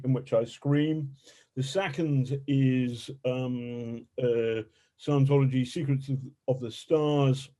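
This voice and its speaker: Warm-voiced man telling stories. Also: medium pitch. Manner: animated, colorful, swears freely. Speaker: investigative journalist, guest. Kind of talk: casual storytelling interview.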